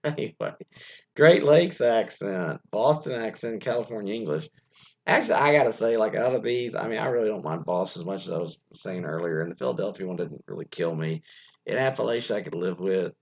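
A man's voice: deep voice, quick pace, gravelly, highs cut off. A man hosting an internet radio show, reading an article aloud and rambling through asides with plenty of fillers. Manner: rambling, many fillers and asides, muttered side remarks. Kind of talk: casual solo commentary reading an article aloud.

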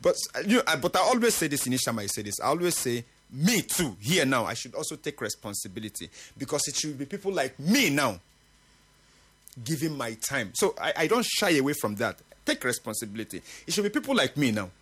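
A husky-voiced middle-aged man hosts a morning radio talk show. He speaks earnestly and with emphasis, and his pitch swings widely as he makes his points. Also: sing-song, fairly quick, fairly bright tone. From Nigeria. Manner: earnest, emphatic, with occasional laughs. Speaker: radio host.

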